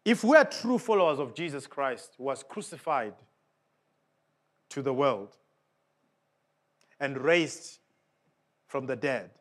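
A man's voice: expressive, slow pace, pauses often. A man preaching a sermon in an emphatic way, often putting questions to the congregation. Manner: emphatic, with big swings of pitch and volume.

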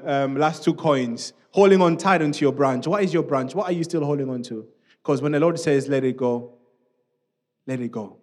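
A man preaching a sermon in a church, speaking in an animated, conversational way with many asides to the congregation. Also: fairly high pitch. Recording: long reverb of a church hall.

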